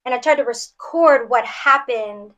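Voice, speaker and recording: A woman's voice: on the high side, a little slow, fairly bright tone, lo-fi sound. A woman from New York City, a podcast guest, earnestly retelling a painful personal story with many restarts. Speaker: guest auditioning as co-host.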